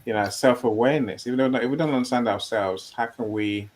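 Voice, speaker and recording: A man's voice: mid-range voice, fairly quick. A man hosting a group call, talking in an effusive, rambling way with many fillers. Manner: effusive, full of "you know" fillers. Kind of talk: casual group call chat.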